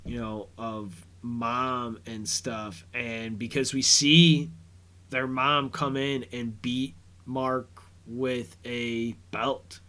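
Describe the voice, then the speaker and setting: A man's voice: medium pitch, level tone, drawn-out words, sharp tone. A man hosting a podcast, recapping a TV episode in a rambling, casual way and paraphrasing scenes. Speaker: podcast host.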